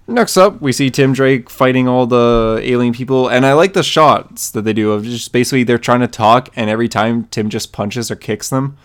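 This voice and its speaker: A man's voice: normal speed, few pauses, clean tone. A man co-hosting a podcast, eagerly recapping a comic issue and playing out the characters' lines in a raised voice. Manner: excited retelling, acts out character lines in a higher voice. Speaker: podcast co-host. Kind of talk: casual comic book chat.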